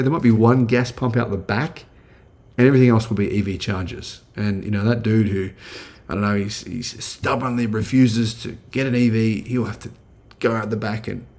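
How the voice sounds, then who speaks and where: A middle-aged man with an Australian accent talks to his channel in an easy, chatty way, often restarting his sentences and filling pauses. His voice sits a bit low, with a gravelly fry. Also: steady tone, darkish tone. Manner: chatty, with many fillers and restarts. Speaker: channel host. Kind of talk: casual video commentary.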